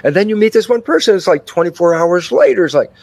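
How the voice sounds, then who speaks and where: A high-pitched, gravelly voice belongs to an older man who speaks quickly, with no room sound. He's an interview guest explaining his ideas in an expansive, conversational way, animatedly telling stories and acting out dialogues with himself.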